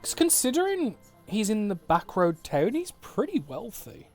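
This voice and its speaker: A man narrates a tabletop game as game master, his voice sitting a little high. He describes scenes in loose detail over an online call, with faint music playing underneath. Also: wildly swooping pitch, moderate pace, a little mellow. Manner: descriptive, laughs readily, swears casually.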